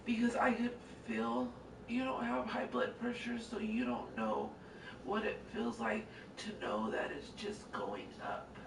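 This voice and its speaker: Distraught woman, high and gravelly, off-mic. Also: animated, measured pace. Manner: defensive, distraught. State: upset, near tears. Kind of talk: heated domestic argument. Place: at home, indoors. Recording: echoey room, far from mic, background noise.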